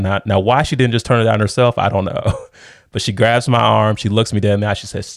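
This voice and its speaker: Middle-aged male storyteller, low gravelly voice, animated casual delivery, dry close recording. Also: moderate pace, dry recording. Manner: animated, laughs often, says "dude".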